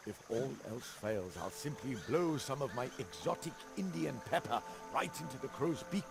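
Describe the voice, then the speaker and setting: A man's voice: mid-range voice, expressive, normal speed, creaky. An actor voicing a polite, grandfatherly old male traveler who carries spices, in a video game. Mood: genial. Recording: game audio under music.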